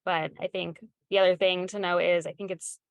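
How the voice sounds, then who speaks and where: A woman moderating a webinar over a video call, briskly affirming the panelists and moving on to the next topic. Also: fairly low pitch, little pitch movement, no echo.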